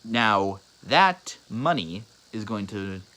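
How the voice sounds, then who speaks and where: A young man improvising a spoken fan story, halting and rambling, with many restarts and fillers. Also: on the low side, lively intonation, sharp tone, low-quality recording.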